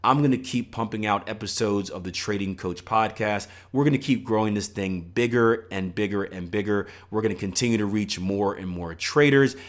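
A man hosting a solo trading podcast, talking in an animated, motivational way and acting out voices when he quotes people. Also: on the low side, moderate pace, hardly any pauses. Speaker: podcast host and trading coach.

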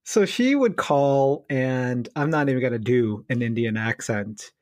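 A man co-hosting a physio podcast tells a funny story from his clinic in a lively, chatty way, laughing and throwing in fillers as he goes. His voice sits at an average pitch. The sound is dry and close, with no room around it. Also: a little slow, no room sound. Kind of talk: casual storytelling chat.

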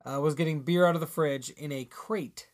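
A man's voice: on the high side, steady tone, moderate pace, a little mellow. A man co-hosting a podcast in casual banter, easygoing, often giving short agreeing replies. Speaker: podcast co-host.

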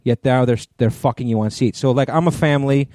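A middle-aged man co-hosting a relaxed podcast, speaking bluntly and swearing freely as he complains. His voice sits at an ordinary pitch with a mellow, dark tone. The recording is dry and close, with no room sound. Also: fast talker, dry recording. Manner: blunt, profane, irritated ranting. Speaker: podcast co-host. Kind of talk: casual chat.

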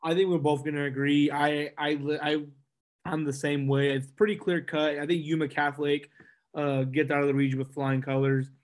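Hesitant man with slightly higher voice. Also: normal speed. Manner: hesitant, relaxed, stumbling starts. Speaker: sports podcast co-host. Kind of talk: casual sports chat.

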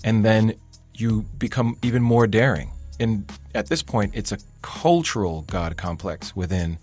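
A man co-hosting a podcast, speaking in a solemn, measured and deliberate way. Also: on the low side, a little mellow, faint music behind. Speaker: podcast co-host. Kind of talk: earnest podcast narration.

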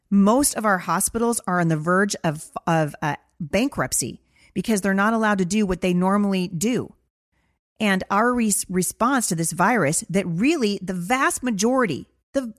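A woman with a low-ish voice, recorded without echo, hosts her own podcast and answers a listener in an impassioned monologue. She is earnest and emphatic, repeats phrases for stress, and sounds close to tears.

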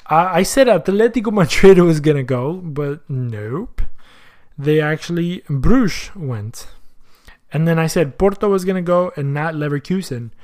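A man's voice: fairly high pitch, animated, unhurried, a little mellow. A man hosting a soccer podcast in casual chat, slangy and thinking aloud as he goes. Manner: chatty, thinks aloud, asks himself questions.

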